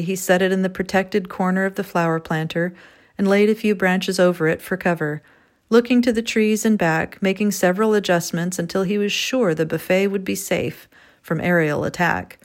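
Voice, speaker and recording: A woman narrating a written story in a measured, expressive way. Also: on the low side. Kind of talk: scripted storytelling.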